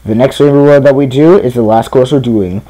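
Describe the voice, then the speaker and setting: A man's voice: mid-range voice, moderate pace, mellow. A young man giving casual commentary while streaming a kart race, chatty and self-deprecating as he talks to viewers.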